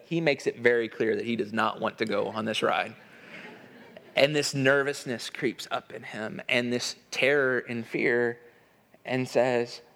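A man's voice: mid-range voice, a bit bright. A man in his thirties giving an earnest sermon-style talk on parenting, telling a family story and acting out the dialogue.

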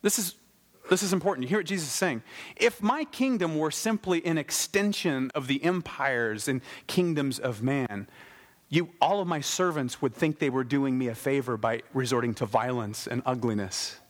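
A man preaching a sermon in a lively, conversational way, with wry asides. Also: medium pitch, moderate pace. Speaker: pastor.

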